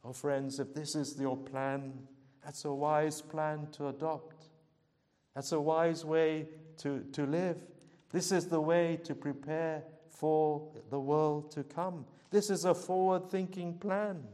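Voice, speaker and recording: A man's voice: on the high side, steady tone, slow, dark tone, long reverb tail. A man preaching a sermon, earnestly pleading with his listeners and asking repeated rhetorical questions.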